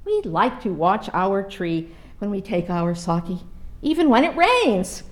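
Gentle old man, beaming and coaxing, read by a woman; lively, lilting lines. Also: medium pitch, slow. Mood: delighted. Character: cheerful little old Japanese man, gentle.

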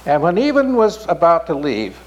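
A man telling a folk tale in an unhurried, expressive way. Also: on the high side, low-quality recording. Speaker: storyteller.

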